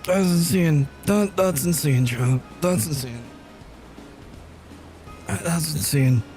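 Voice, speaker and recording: A man's voice: fairly high pitch, slow pace. Male streamer, home setup, swears freely and stammers, faint music under him. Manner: excitable, profane, stammering repeats. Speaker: livestreamer. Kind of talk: casual live-stream chat. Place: indoors at home.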